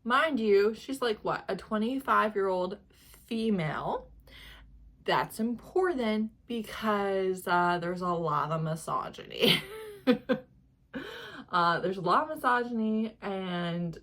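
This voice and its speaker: A woman's voice: medium pitch, animated, slow, fairly bright tone. A young woman talking casually as a book reviewer, ranting with sarcasm and laughing often. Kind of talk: casual reading vlog.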